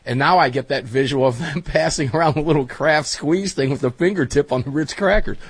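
A man hosting a casual chat show, telling stories in a chatty, animated way. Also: on the high side, brisk, breathy edge, no echo. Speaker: host.

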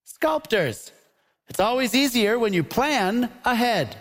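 A man hosting a comedy debate show, upbeat and quick to laugh, with a mock-announcer delivery. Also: extremely high pitch. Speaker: game show host. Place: stage before a live audience. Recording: lively crowd and loud noise behind.

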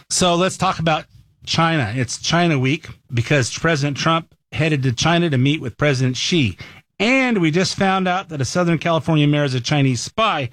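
A man's voice: medium pitch, no room sound, clean studio sound. A man hosting a talk show, giving opinionated news commentary in a folksy, storytelling way. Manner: folksy, animated storyteller who voices quotes.

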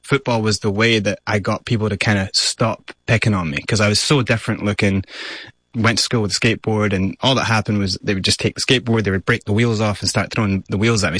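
Man, Scottish accent, low husky voice, candid storytelling, dry close sound. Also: fairly bright tone, no room sound. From Scotland, raised in South Africa. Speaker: interview guest. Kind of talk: personal storytelling.

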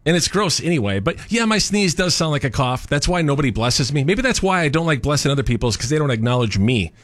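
A young man chatting casually as a co-host, his pitch swinging widely as he grumbles in mock outrage. The sound is close and dry, with no room around it. His complaints are wry and played for laughs. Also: very animated, fast, dry recording. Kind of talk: casual chat.

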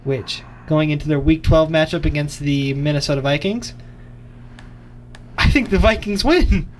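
A young man co-hosts a college radio sports show in an easygoing, chatty way. His voice sits a little high for a man. A faint noise floor hangs under the studio recording. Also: normal speed. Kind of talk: casual sports radio chat.

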